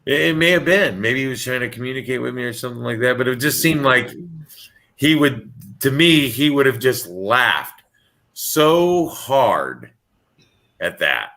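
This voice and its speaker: A man on a video call telling a personal story in a halting, casual way, often repeating words as he starts. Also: medium pitch, expressive, gravelly, sharp tone. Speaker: caller sharing a story.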